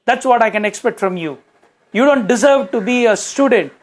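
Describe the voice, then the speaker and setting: A man playing a strict, disappointed father who scolds his daughter. His voice stays raised and high as he lectures her. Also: fast. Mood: scolding. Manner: stern, scolding.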